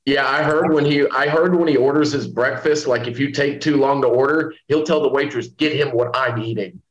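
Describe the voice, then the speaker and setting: A man's voice: mid-range voice, brisk, muffled recording. A man co-hosting a podcast, putting in casual, profane remarks. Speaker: podcast co-host. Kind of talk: casual chat.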